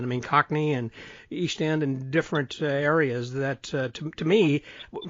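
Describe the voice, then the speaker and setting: A man's voice: a little high, no echo. A man in his sixties from the central United States, with an American accent touched by Southern words, hosting a podcast and musing in a wandering, thoughtful way. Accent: American, with Southern touches from Texas. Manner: thoughtful, wandering, self-correcting. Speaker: podcast host. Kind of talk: casual interview conversation. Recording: dry dull audio.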